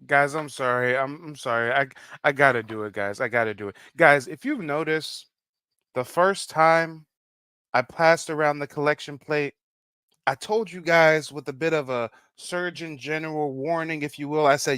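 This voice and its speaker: A man's voice: fairly high pitch, normal speed, sharp tone, smooth, no room sound. A man hosting a reaction commentary stream. He talks in a theatrical, teasing way and keeps calling out to his viewers. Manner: theatrical, teasing, repeats "guys" and "Mike".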